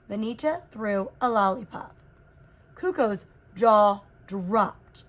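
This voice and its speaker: A woman with a medium-pitched voice reads a children's picture book aloud, expressive and unhurried, in a storybook read-aloud.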